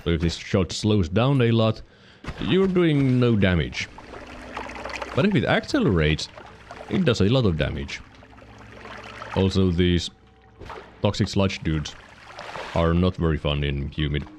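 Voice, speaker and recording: A man's voice: low-pitched, sing-song, measured pace, pauses often, a little mellow, slight background noise. A man with a Finnish accent giving casual gameplay commentary while streaming, rambling and correcting himself as he explains mechanics, hiccuping now and then. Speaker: game streamer.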